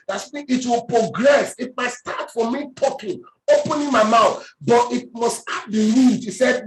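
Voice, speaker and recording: A woman preaching a sermon with emphatic, drawn-out words and call-and-response questions. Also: on the high side, lively intonation. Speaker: pastor. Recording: echoey room.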